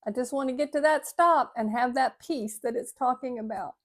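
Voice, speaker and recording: An older retired woman, gently reflecting to her viewers in a heartfelt video talk. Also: sits high, normal speed. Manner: gentle, heartfelt, sometimes choked up. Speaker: vlogger. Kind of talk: reflective talk reading an inspirational piece.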